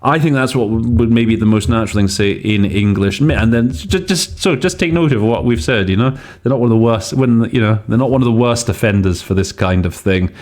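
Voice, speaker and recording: This interpreting teacher hosts a casual podcast, talking through word choices while thinking aloud with lots of hesitation. His voice is mid-range and a little mellow, and he speaks briskly with hardly any pauses.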